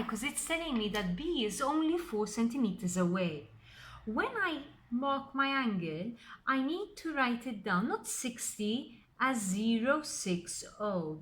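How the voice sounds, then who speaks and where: A woman's voice: on the high side, a bit bright. A woman, teaching a recorded maths lesson step by step and stressing key words.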